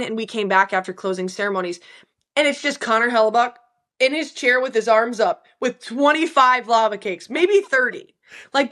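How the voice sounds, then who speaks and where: A young woman in her twenties, a hockey player guesting on a podcast, with a bright voice pitched a touch high. She tells her stories with plenty of energy, laughs often and acts out the lines of the people in them. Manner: animated storyteller, laughs often, acts out quotes. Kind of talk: casual interview chat.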